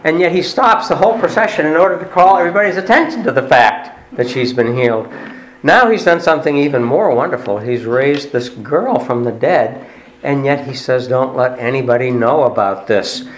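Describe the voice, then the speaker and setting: Man preaching in an echoey room. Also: fairly high pitch. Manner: conversational storytelling, pausing with fillers. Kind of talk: sermon. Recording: roomy echo.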